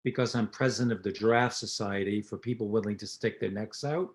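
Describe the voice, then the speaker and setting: An older man talks in a relaxed interview, mixing anecdotes with plain teaching. He is a dentist and lecturer, and he acts out the lines of the people in his stories. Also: lowish voice, brisk. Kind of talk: storytelling interview talk.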